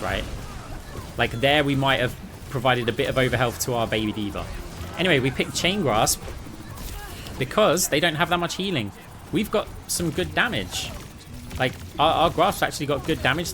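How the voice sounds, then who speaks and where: A man from the UK, a gaming YouTuber, giving quick, excited play-by-play of his own match with asides to viewers. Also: medium pitch, background noise. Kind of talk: gameplay commentary. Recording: clear game music underneath.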